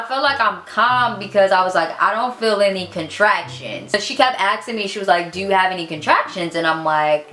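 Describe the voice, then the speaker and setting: A woman's voice: medium pitch, reverberant. Chatty young woman telling a story. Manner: animated, acts out the voices of others in quotes; chatty, full of "like" and "girl". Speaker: vlogger telling her birth story. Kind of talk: casual storytime chat.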